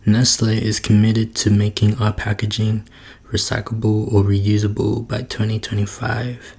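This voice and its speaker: In his room at home, a male ASMR creator records a soft-spoken video, drifting between whispers and quiet talk into a close mic while tossing in wry jokes. His voice is lowish and monotone, with vocal fry and a moderate pace.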